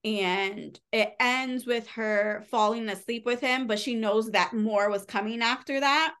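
A woman's voice: on the high side, a little slow, fairly bright tone, clear, resonant tone. A woman casually retelling a book's plot on a podcast, rambling and filling her talk with "like". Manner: chatty, rambling, heavy use of "like", casual swearing. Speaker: podcast co-host reviewing books. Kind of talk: casual book recap.

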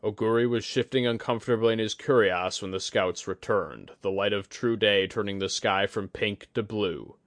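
A man reads an audiobook in a steady, even voice. His tone is fairly low, and the recording is close and dry, with no room sound. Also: normal speed, hardly any pauses, no echo. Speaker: narrator. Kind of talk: audiobook narration.

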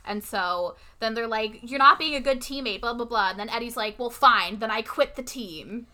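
Woman, bright tense voice, higher pitch, casual episode recap, quoted lines. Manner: retells scenes with quick quoted lines.

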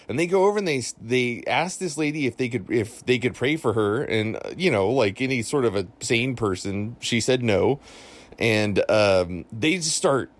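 Rambling man telling a ghost story. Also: mid-range voice. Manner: rambling, lots of fillers and restarts. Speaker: listener calling in a story. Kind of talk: casual spoken ghost story.

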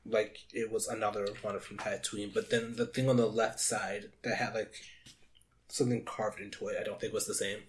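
A man's voice: lowish voice, flat delivery. A man co-hosting a casual podcast chat, talking eagerly and often restarting his sentences. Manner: enthusiastic, halting with repeated restarts. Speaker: podcast co-host.

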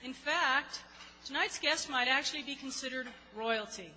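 A woman's voice: high voice, moderate pace, sharp tone, slight background noise. A woman hosting a live awards event, announcing guests and awards. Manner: upbeat, announcing. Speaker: host. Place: large live event hall. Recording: reverberant hall with music.

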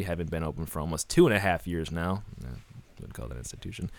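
A man hosting a comedy podcast, reading a silly ad with sarcastic deadpan asides. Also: sits low, fast, gravelly, no room sound. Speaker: podcast host.

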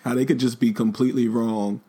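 A man co-hosting a casual podcast, joking and animated. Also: medium pitch, fairly quick, slightly rough. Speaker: podcast co-host. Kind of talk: casual chat.

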